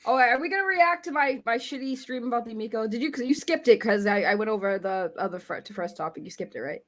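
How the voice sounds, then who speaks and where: A woman's voice: fairly high pitch, animated, fast. A woman guest on a casual livestream chat, insisting emphatically on her side. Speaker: streamer guest.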